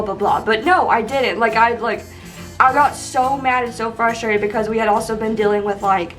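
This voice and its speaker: A young woman telling funny stories from her life in a chatty, animated way with lots of fillers. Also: medium pitch, recorded from a distance, low-quality recording. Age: young adult. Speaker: vlogger. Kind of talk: casual storytime.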